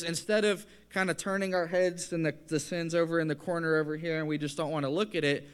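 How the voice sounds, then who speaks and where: A man delivers a sermon in an earnest, conversational tone. His voice sits on the higher side and rises as he presses a point home. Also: a bit bright, smooth. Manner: conversational, earnest preaching with rising emphasis. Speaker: preacher.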